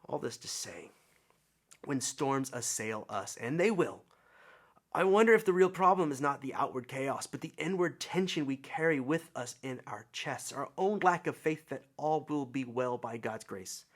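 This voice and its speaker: A middle-aged man preaching a sermon, telling a personal story with swelling emphasis and soft, hushed drops. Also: mid-range voice, lively intonation, normal speed. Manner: reflective storytelling, swells then drops to near whispers. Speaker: pastor.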